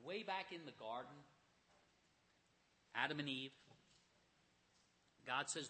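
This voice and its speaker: A man preaching a sermon, retelling scripture stories with animated storytelling and acted-out voices. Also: mid-range voice, slow pace, long pauses, slightly rough. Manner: animated storytelling, acts out characters.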